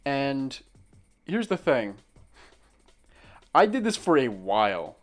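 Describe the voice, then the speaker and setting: A man's voice: medium pitch, very animated, slow pace, soft background music. A young man chatting casually while he draws, telling a crude story in a rambling way, full of restarts and laughing asides. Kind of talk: casual chat while drawing.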